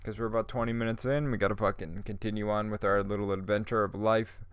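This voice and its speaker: A stoned man rambles through his own podcast, swearing freely and laughing between stories. His voice sits on the low side and comes across dry and close to the mic, with no room sound around it. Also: level tone, fast talker, clear, resonant tone, no echo. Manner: laid-back, profane, rambling, laughs often. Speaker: podcast host.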